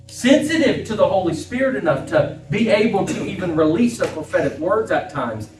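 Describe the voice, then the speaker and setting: In a high, sing-song voice at a moderate pace, a middle-aged man delivers an impassioned sermon as a pastor, repeating phrases for emphasis. It's recorded in an echoey church sanctuary from a distant mic, with faint music in the background.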